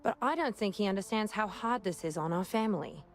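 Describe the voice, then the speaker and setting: A woman's voice: medium pitch, lively intonation, a little fast, close to an everyday voice. An actress playing a friendly, talkative young city woman who worries about her brother, in a video game. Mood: worried. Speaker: game character. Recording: game audio with music behind.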